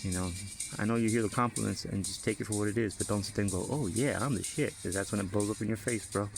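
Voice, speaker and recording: A man with a low, gravelly voice tells a casual, rambling story about working alongside his son. His talk is full of fillers and swearing, and faint music plays behind him. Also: little pitch movement, very fast. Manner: rambling and profane, with many fillers. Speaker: father giving a family update.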